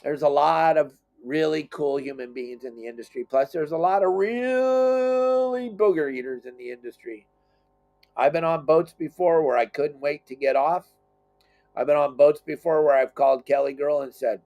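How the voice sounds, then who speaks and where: A middle-aged man, a fishing guide and boat captain, telling stories in a casual, animated, self-deprecating way. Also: on the high side, normal speed, faint music behind. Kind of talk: casual storytelling.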